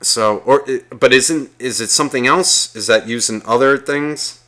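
A man's voice: medium pitch, unhurried, bright, forceful tone. A man telling a long, rambling, profanity-laced story in casual chat, acting out the people in it. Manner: acts out quotes of people in the story.

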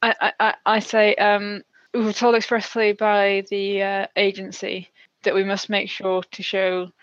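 A woman's voice: medium pitch, monotone, unhurried, no room sound, muffled recording. A woman playing a tabletop game, speaking politely with many stammers and restarts. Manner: polite, hesitant, stammering in character. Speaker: player. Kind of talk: tabletop role-play.

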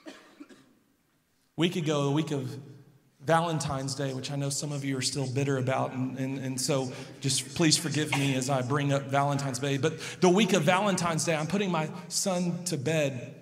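A man in his thirties preaching a sermon, telling family stories and swinging between soft and loud emphasis. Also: mid-range voice, fairly even intonation, moderate pace, long reverb tail. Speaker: pastor.

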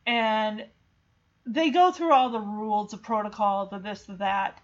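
A woman's voice: mid-range voice, measured pace, lo-fi sound. A woman in casual chat retelling a film, chatty and emotional with many fillers.

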